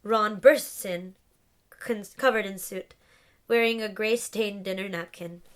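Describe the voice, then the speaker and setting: A woman's voice: medium pitch, steady tone, unhurried. A woman reading a stage play aloud, saying the stage directions and the character names and giving each character a voice. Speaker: reader. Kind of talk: audiobook-style reading of a play script.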